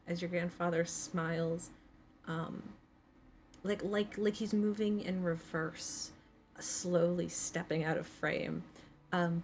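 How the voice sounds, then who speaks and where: Woman dm narrating, lower voice, lots of um and restarts. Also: darkish tone, a little hiss or hum. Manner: halting, many fillers. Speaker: game master. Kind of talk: narrating a tabletop game.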